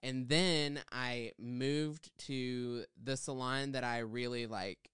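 A man's voice: mid-range voice, fairly even intonation, slow pace, a bit bright, smooth, no echo, clean studio sound. A man co-hosting a podcast, casually telling a long salon story with lots of fillers. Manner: chatty, rambling with fillers. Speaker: podcast co-host, hairstylist.

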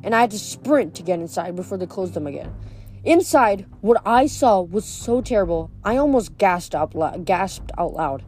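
A woman's voice: medium pitch, mellow. A woman reading a novel aloud, now and then stumbling over words and correcting herself. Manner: occasional stumbles and self-corrections. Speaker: reader.

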